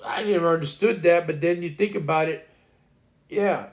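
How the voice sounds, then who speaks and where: A man's voice: on the high side, moderate pace. A man hosting a casual livestream, rambling through a work story and acting out both sides of the conversation. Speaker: livestream host.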